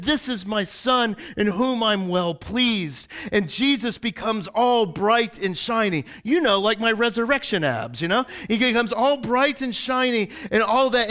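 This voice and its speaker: Man preaching, high voice, rambling storyteller, "right?" asides, church sermon. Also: fairly bright tone. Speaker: pastor. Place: church service before a congregation.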